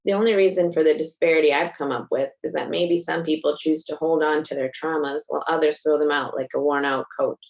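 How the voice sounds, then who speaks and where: Woman author, low voice, reflective first-person reading; slightly muffled recording. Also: fairly even intonation, brisk, hardly any pauses, darkish tone. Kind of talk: reading from her own novel.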